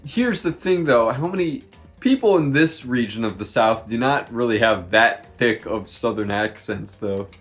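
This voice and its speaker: Teasing southern man, lively voice. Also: mid-range voice, normal speed, soft background music. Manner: teasing, playful. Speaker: co-host. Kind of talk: casual let's-play chat.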